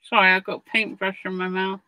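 A woman's voice: mid-range voice, level tone, brisk, sharp tone, no echo, rough recording. A woman co-hosting a casual crafting stream, chatty and encouraging as she thinks aloud.

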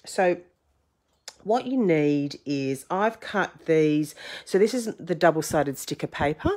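Croaky woman, low-pitched, rambling and self-deprecating, hosting a home craft lesson. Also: expressive, slow pace, a little mellow. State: croaky, getting over a cold. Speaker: craft tutorial host. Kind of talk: casual craft tutorial.

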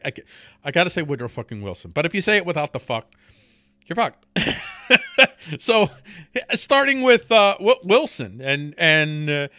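A man's voice: fairly high pitch, bright, forceful tone, dry recording. A man hosting a podcast, delivering a profane political rant in a heated way, stumbling over and repeating words and laughing between points. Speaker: podcast host.

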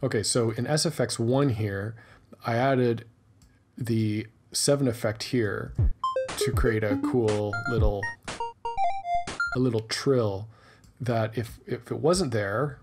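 In a screen-recorded music tutorial, a man with a mid-range voice narrates slowly with long pauses. He explains methodically, thinking aloud as he works through each step.

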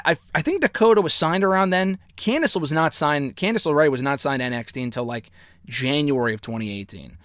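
A man's voice: medium pitch, a bit bright, no echo, studio quality. A man giving a casual spoken recap and review of a wrestling show, rambling and often correcting himself as he goes. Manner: rambling, self-correcting, chatty.

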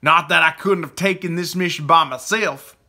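A man's voice: fairly high pitch, normal speed, sharp tone, voice pushed up. A man playing a cocky, boastful young knight.

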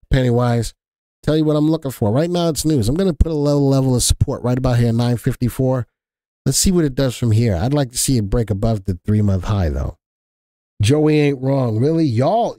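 A man's voice: mid-range voice, warm tone, no echo. Chatty man hosting a dry-sounding market livestream. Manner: chatty, joking with chat, colloquial. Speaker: stock market livestream host. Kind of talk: casual live market commentary.

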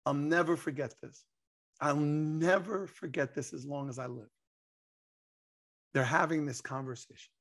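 Excitable man telling stories, gravelly. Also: mid-range voice. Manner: excitable, acts out quotes, laughs. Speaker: interview guest. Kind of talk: animated storytelling.

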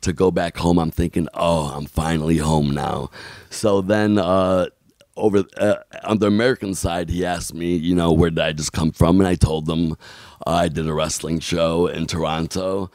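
A man telling a long story as a podcast guest, animated and blunt, acting out what other people said and swearing casually. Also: low voice, moderate pace, no echo.

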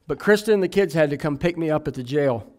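A man's voice: a little high, lively intonation, fast, a little mellow. A man in his thirties preaching a sermon, telling his own testimony in a candid, self-deprecating way with the odd joke.

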